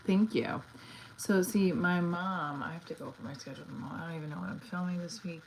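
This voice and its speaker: A woman with a low voice chatting on a casual livestream. She rambles from one thought to the next, restarting sentences and dropping in lots of fillers. It sounds loose and unscripted. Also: quick pace, slight background noise, rough recording. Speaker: actor and comedian livestreaming.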